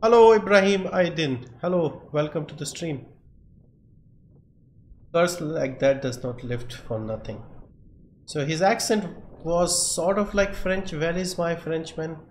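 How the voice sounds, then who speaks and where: Slow-talking man streamer in an echoey room. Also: on the high side, lively intonation. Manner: thinks aloud, muttering options to himself. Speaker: game streamer. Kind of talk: live gameplay commentary. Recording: echoey room, faint background noise.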